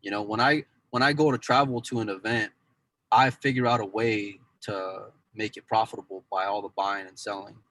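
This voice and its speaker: Male podcast regular, deeper voice, loose rambling chat with lots of self-corrections. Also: steady tone, moderate pace, fairly bright tone, dry recording, poor audio. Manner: rambling, repeats "go and", many restarts. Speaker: pool news insider and cue dealer.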